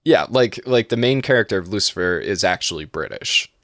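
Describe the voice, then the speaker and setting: A man's voice: low voice, lively intonation, brisk, fairly bright tone, no room sound, studio quality. A man chatting casually as a podcast host, rambling with lots of restarts and laughs. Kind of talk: casual chat.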